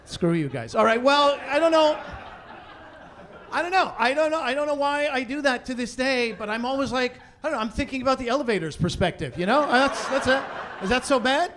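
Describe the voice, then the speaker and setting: A man in his forties works a live theatre crowd with a fairly high, animated voice, sliding from mock exasperation into loud shouted punchlines. He speaks into a handheld stage mic. A faint hum of the room sits behind him. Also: brisk. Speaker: stand-up comedian. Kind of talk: stand-up comedy set.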